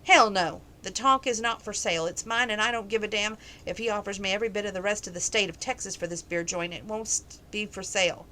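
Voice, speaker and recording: A woman's voice: medium pitch, steady tone, fast talker, few pauses, sharp tone, slight background noise, close to an everyday voice. A woman reading the part of a blunt, feisty female bar owner with brash comebacks.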